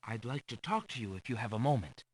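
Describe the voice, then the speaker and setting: An actor voicing a courteous, earnest young prince asking questions in a computer game. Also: male voice, mid-range voice, very animated, fast talker, husky, dry recording. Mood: polite. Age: young adult. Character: polite young male prince, earnest and curious.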